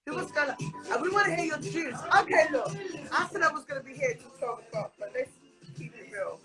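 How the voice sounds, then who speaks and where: A woman hosting a casual live stream, effusive, emotional and loud. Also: sits high, lively intonation, quick pace, over music.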